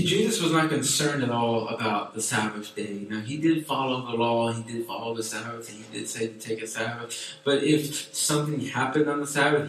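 Animated youth pastor, echoey room. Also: male voice, medium pitch, recorded from a distance, slight background noise. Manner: animated, chatty preaching with many fillers. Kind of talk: sermon to a youth group.

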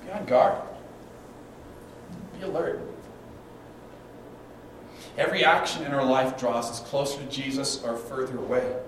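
A man's voice: medium pitch, measured pace, long pauses. A middle-aged man preaches from the pulpit, drawing out stories and acting out voices. His voice rings through a roomy sanctuary and reaches the mic from a distance, with a faint hum of the room behind him. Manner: storytelling preacher, acts out quotes, dynamic swings in volume. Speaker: pastor. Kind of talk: sermon. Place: church sanctuary. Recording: echoey church hall, mic at a distance.

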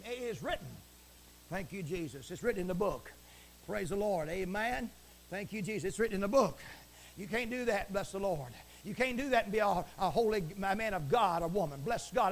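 A man preaching a fiery broadcast sermon from the pulpit, swinging from shouts to hushed asides and repeating stock phrases. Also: high voice, brisk. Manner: repeats stock phrases like praise the Lord and it is written.

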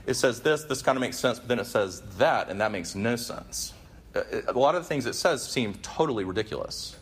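A man's voice: medium pitch, expressive, brisk, breathy edge. A man giving a conversational sermon and a prayer to a gathering in a room, earnest and casual, with many fillers and restarts.

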